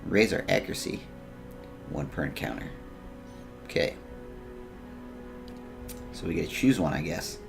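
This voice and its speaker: A man's voice: deep voice, animated, normal speed, vocal fry, pauses often, music in the background. A man giving joking let's play commentary, reading game text aloud with self-mocking asides. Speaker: gaming YouTuber.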